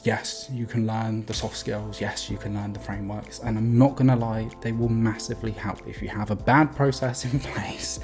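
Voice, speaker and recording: A man speaks to camera as a sales coach, energetic and emphatic, with short laughs and the odd casual swear between phrases. His voice sits at a middling pitch for a man. Soft background music plays faintly beneath him. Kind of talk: direct-to-camera vlog.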